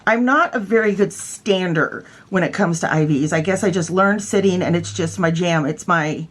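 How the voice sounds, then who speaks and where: A woman's voice: on the low side, moderate pace, slightly rough. A woman from California casually telling funny stories about her old work, chatty and self-mocking. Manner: chatty, playful, self-mocking, fond of doing voices. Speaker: vlogger, former nurse. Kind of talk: casual storytelling.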